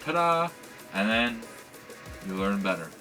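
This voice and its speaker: A man's voice: on the low side, a little slow, music in the background. A man teaching a language lesson in a casual, rambling way, with many fillers and restarts.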